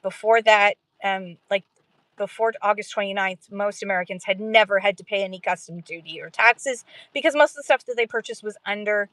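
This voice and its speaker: A woman's voice: medium pitch, brisk, a bit bright, dry recording. A woman hosting a casual livestream chat for sellers, talking in a rambling, self-deprecating way and laughing often. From Canada.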